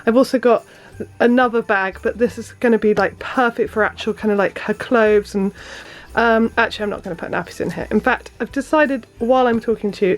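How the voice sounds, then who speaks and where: A woman's voice: on the high side, brisk. A woman and new mother chatting casually in her vlog, bubbly and gushing, slipping into sing-song baby talk.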